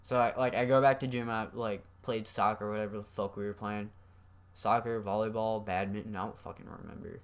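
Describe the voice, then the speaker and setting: A man's voice: lowish voice, steady tone, a little fast, clear, resonant tone. A young man casually telling a school story, rambling and swearing freely with lots of fillers. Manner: profane, rambling with many fillers. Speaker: vlogger.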